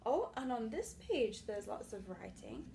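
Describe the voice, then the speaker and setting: A young woman teaching small children to read, talking slowly and patiently and checking in often. Her voice sits a little high, and now and then she claps out syllables or half-whispers a word. A faint room hum runs underneath. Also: big pitch swings, creaky, warm tone. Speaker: reading teacher. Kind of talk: early literacy read-aloud lesson.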